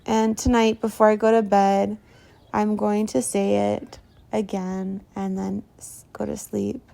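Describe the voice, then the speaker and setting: A woman talking in a casual diary-style vlog, rambling softly and trailing off with fillers, a little stuffy from allergies. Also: mid-range voice, flat delivery, a little slow, gravelly. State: runny nose from allergies. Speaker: meditation vlogger.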